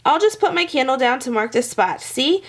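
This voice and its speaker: A woman's voice: high voice, animated, moderate pace. A woman voicing a sly, mocking little leprechaun with an Irish accent in a storybook read-aloud. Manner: teasing, tricky.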